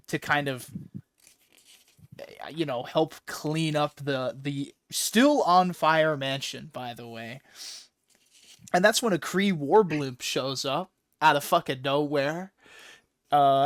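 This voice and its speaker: A man hosting a casual comic book chat, animated, swearing and laughing a lot. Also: on the high side, dry recording, studio quality. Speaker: podcast host.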